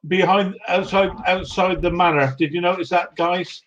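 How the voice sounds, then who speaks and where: A man's voice: high voice, fairly even intonation, moderate pace, a bit bright, muffled recording, a little hiss or hum. A man hosting a casual group video call, friendly and teasing, calling everyone mate. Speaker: livestream host.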